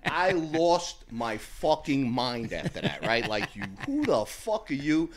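Brash, animated middle-aged man. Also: mid-range voice, takes it slowly. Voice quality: brash, profane storyteller with a loud, animated delivery. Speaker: guest storyteller. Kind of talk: casual podcast chat.

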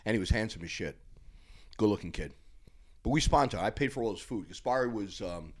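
A middle-aged man, a podcast guest, telling stories in a casual, animated way, with plenty of swearing and laughter. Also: on the low side, a little fast. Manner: animated, profane, laughing storyteller. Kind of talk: casual storytelling.

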